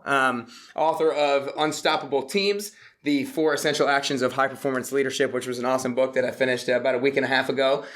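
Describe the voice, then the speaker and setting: A man's voice: medium pitch, fairly bright tone. Upbeat enthusiastic male podcast host. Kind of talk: casual interview.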